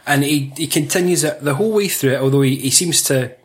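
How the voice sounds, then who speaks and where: A man's voice: a little high, fast talker. A young man with a Scottish accent from Fife, chatting casually about a film, swearing a lot and laughing often. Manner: sweary, laughing, jokey, puts on voices. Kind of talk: casual film review chat.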